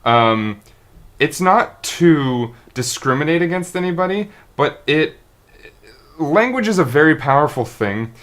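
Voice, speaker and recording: A man's voice: on the high side, animated, measured pace, a bit bright. A man, a streamer, talking unscripted to his viewers in a rambling, earnest way, often restarting and tripping over his words. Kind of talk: unscripted monologue to camera.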